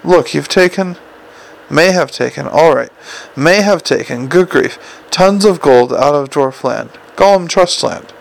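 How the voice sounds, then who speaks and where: A man reading an audiobook and voicing an exasperated, gloomy adult man in a gravelly voice. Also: unhurried, poor audio. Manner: agitated and exasperated, rising in pitch. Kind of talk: audiobook character voice.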